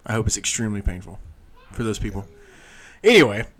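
A man's voice: fairly low pitch, big pitch swings, a little fast, fairly bright tone. A man co-hosting a casual podcast chat, blunt and outspoken, swearing freely. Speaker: podcast co-host.

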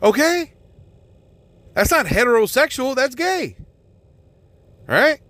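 A man's voice: very high-pitched, very animated, takes it slowly, fairly bright tone, dry recording. A man hosting a casual solo podcast, rambling and swearing a lot, often restarting his sentences. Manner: rambling and profane, with many restarts and filler words. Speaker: podcast host.

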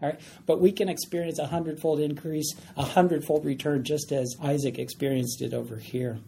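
A man's voice: a little high, fairly even intonation, fairly quick, gravelly, dark tone. A man teaching a Bible study class, conversational and often checking in with the group. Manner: conversational, checks in with "all right?". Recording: faint background noise.

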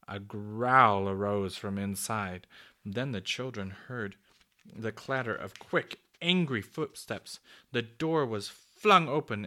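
A man reading a children's story aloud, steady with small slips and restarts. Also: mid-range voice. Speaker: narrator.

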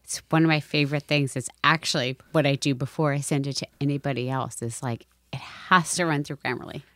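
A woman's voice: very deep voice, steady tone, brisk, a bit bright, no echo. A woman in casual podcast chat, firm and opinionated. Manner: firm, opinionated about language.

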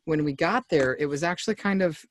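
A man's voice: on the high side, brisk, no echo, studio quality. A man co-hosting a podcast, chatting casually in a rambling way and laughing often. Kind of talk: casual chat.

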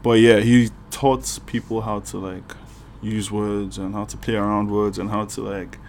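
A man's voice: on the low side, level tone, unhurried, darkish tone, a little hiss or hum. A young man from Nigeria, co-hosting a podcast in rambling, teasing casual chat. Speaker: podcast co-host.

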